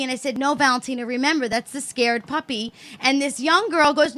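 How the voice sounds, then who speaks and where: A woman tells a story on a casual podcast. Her voice sits high and bright, and she swears freely. She acts out everyone's voices as she goes. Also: a little fast, few pauses. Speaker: podcast co-host.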